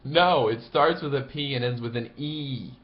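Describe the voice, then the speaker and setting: A man voicing a gruff, unrefined caddie with dry humor, speaking slowly and deliberately. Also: medium pitch, lo-fi sound, pitched above the performer's own voice, lightly acted.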